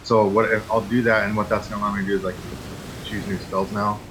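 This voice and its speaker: A man playing a tabletop game, relaxed and casual, loosely laying out his plans. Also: on the low side, fast talker. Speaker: player. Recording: noticeable background noise.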